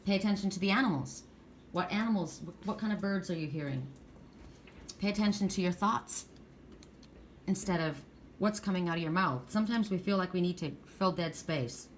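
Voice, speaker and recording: Low-voiced woman giving a rambling card reading. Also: moderate pace, a little hiss or hum. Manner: rambling, warm storytelling with many restarts. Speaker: oracle card reader. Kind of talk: casual spiritual card reading.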